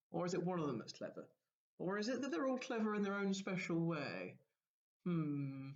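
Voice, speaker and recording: A man, a primary school teacher giving a recorded lesson, explaining gently and asking the children questions. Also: a little high, muffled recording.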